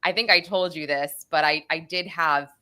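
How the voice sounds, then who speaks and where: A middle-aged woman co-hosting a true-crime chat show, telling stories with lively acted-out quotes. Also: low voice, normal speed, clean tone. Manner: animated storytelling, acts out quotes. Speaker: podcast co-host.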